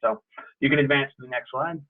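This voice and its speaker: A young adult man giving a relaxed, explanatory safety talk over a video call, with frequent fillers. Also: medium pitch, fairly quick. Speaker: sports medicine presenter. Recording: tinny phone-like call audio.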